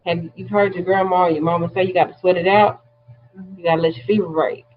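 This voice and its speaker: A woman's voice: lowish voice, fairly even intonation, quick pace, phone-quality sound. A woman teaching a class, explaining terms step by step in a plain-spoken way. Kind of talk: classroom lecture.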